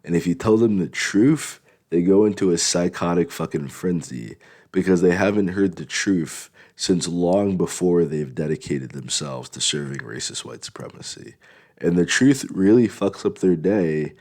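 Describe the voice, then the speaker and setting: Deep-voiced man ranting bluntly. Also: darkish tone. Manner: blunt, rambling, profane. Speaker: vlogger. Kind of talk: casual monologue.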